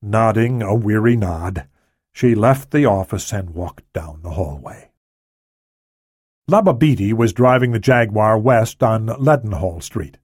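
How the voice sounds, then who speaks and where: A man narrating a thriller audiobook in a steady, matter-of-fact way. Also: lowish voice, a little slow, slightly rough, dry recording, studio quality.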